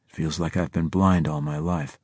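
A man voicing a hushed weary soldier. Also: steady tone, normal speed, breathy edge, no echo, clean studio sound. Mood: awed. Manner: low hushed whisper.

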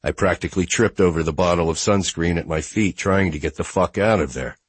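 A man narrating a first-person audiobook in a low, intimate storytelling manner on a close mic. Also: a little fast, husky, dry recording.

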